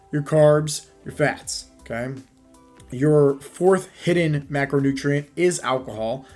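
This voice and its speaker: A man's voice: a little high, darkish tone. A man giving a fitness coaching talk as a podcast monologue, emphatic, often checking in with "right?" and "okay?".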